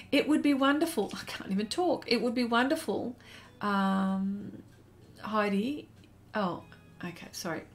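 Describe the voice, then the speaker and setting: Australian woman, art stream host, easy chatter, reads chat aloud, voice sits a little high. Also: a bit bright. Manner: chatty, reads viewer comments aloud while drawing. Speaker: artist hosting a live stream. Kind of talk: casual live-stream chat.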